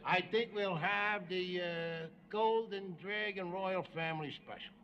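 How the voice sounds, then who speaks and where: An actor playing a blustering, wisecracking middle-aged working-class husband in a 1970s sitcom, gruff and ungrammatical. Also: male voice, sits high, unhurried, highs cut off. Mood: joking. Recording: noisy sitcom audio with laugh track.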